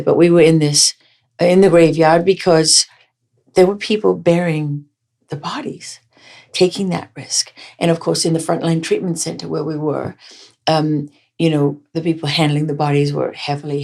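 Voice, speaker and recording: A woman's voice: sits low, darkish tone. A woman journalist as an interview guest, telling a story vividly and with animation, restarting her sentences.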